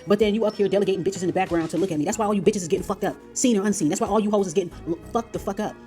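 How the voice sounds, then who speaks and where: A woman rants in a confrontational, profane stream. Her words come very fast over faint background music, pitched at an ordinary middle level. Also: mellow. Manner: profane, confrontational, rapid ranting. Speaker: tarot channel host. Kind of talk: heated commentary on played clips.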